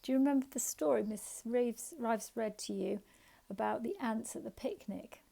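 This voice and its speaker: A woman teaching a phonics lesson to young children, slow and sing-song, encouraging, sounding out letters and asking questions. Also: fairly high pitch, gravelly, warm tone, breathy edge.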